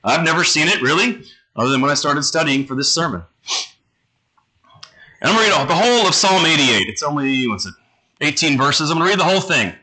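A man preaching a sermon, reading scripture aloud slowly and low, then explaining it in a conversational way. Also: animated, sharp tone, low-quality recording.

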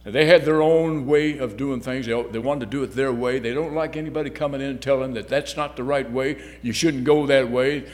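A man giving a sermon, halting and repeating words, his voice swinging between loud and soft. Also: medium pitch, steady tone. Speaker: lay preacher. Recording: long hall reverb.

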